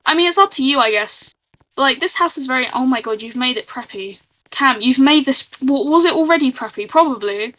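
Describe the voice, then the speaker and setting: Woman streamer, bright and giggly, casual game chat. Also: high voice, expressive, a little fast, low-quality recording. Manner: chatty, giggly, reads out chat. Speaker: live streamer. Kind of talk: casual live-stream chat while gaming.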